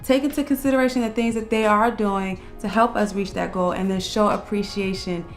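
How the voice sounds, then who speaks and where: A woman's voice: mid-range voice, steady tone. Woman co-host, earnest advice-giver, explains step by step, faint music under the talk. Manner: earnest, explains step by step, slows down on key words. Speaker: co-host of a couples channel. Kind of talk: casual relationship advice chat.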